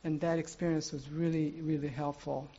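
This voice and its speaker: A man with a somewhat high voice shares earnestly in a group circle. He halts often and fills his pauses as he searches for words. The recording is muffled and lo-fi. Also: little pitch movement, dark tone, slight background noise. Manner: earnest, halting, with many fillers. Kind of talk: personal sharing in a group.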